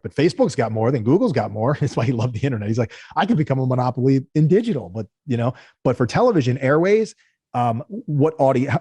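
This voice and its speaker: Fast-talking man telling animated business stories. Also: medium pitch, slightly rough, dry recording. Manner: animated, acts out quoted people in raised voices. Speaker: guest, company founder. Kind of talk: casual interview storytelling.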